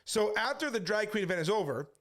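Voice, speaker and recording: High-voiced man telling a story. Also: animated, a bit bright. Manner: brisk retelling full of quoted back-and-forth. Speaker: street preacher. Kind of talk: casual storytelling monologue.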